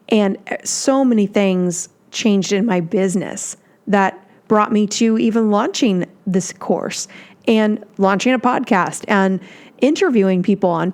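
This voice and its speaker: A woman's voice: mid-range voice, a little mellow. Heartfelt woman hosting a podcast. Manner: heartfelt, rambling, with many restarts. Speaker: podcast host and breakup coach. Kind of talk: solo podcast monologue.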